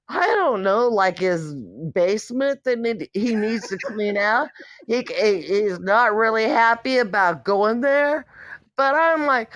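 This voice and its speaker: Woman venting on her vlog, slow and cussing, highish voice, dry close mic. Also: a bit bright, no room sound. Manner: blunt, profane, exasperated. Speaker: vlogger. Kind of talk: candid monologue rant.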